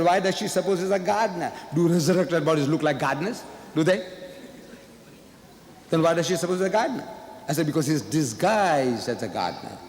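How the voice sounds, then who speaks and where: A man debating in a public speech, making his points with emphatic repeated rhetorical questions. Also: a little high. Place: large lecture hall. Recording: echoey hall, faint ambience.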